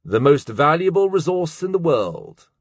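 A man's voice: on the high side, big pitch swings, measured pace, husky, no echo, clean studio sound, voice pushed up, full character voice. A man voicing a poised, bold young female student in an audiobook, direct and composed. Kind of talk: audiobook character voice.

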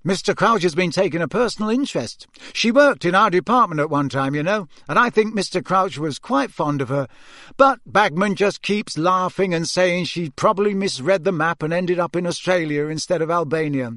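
A man's voice: high-pitched, moderate pace, a bit bright, dry recording, clean studio sound, voice pushed up. A man reading an audiobook who voices a pompous, self-important young official who speaks sanctimoniously.

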